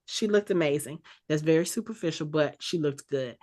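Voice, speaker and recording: A woman co-hosting a podcast, casually recapping a TV episode in an animated way and acting out the characters' lines as she goes. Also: sits low, fairly quick. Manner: animated, retells scenes with quoted lines. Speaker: podcast co-host. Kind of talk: casual show recap chat.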